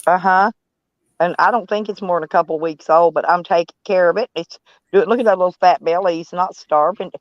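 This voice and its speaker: A woman's voice: on the low side, a little fast, no echo. A woman, chatting casually and rambling on a live stream. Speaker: van life live streamer. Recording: dull, dry lo-fi sound.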